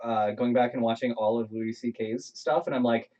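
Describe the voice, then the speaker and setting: A podcast guest in casual chat, telling stories in an animated, laughing way. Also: medium pitch, moderate pace. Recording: distant dull mic.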